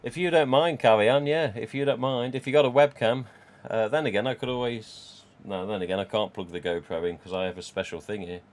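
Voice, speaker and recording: A man's voice: medium pitch, a little fast, hardly any pauses. A man, casually chatting and rambling on a live stream from home. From England. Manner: rambling, chatty, reads out chat.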